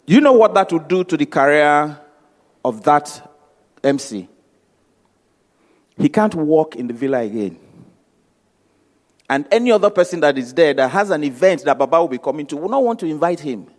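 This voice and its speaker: Lively in intonation and on the high side, this Nigerian-accented man speaks at normal speed, leaving long pauses. His motivational talk, carrying a long hall reverb, is built on stories with acted-out dialogue and emphatic repetition.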